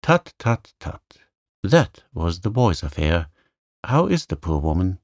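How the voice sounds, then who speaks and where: A man voicing a gruff, stern old gentleman who is kind underneath, speaking abruptly in short sharp questions. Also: sits low, very animated, takes it slowly, no echo, clean studio sound, heavily acted. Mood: brusque.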